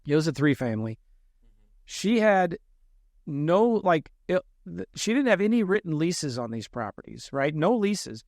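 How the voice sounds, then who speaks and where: Guy on a podcast telling a story about himself, bit higher voice, dry close mic, jumps around a lot acting out what people said. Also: a little slow, vocal fry, no echo. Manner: animated, self-deprecating storyteller who acts out quoted lines. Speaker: real estate investor guest.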